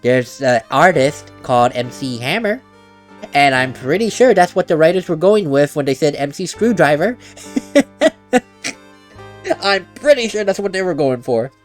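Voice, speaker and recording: A man's voice: a little high, lively intonation, normal speed, long pauses, soft background music. A man hosting a let's play, commenting casually on the game between read lines. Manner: chatty, explains with mock quotes.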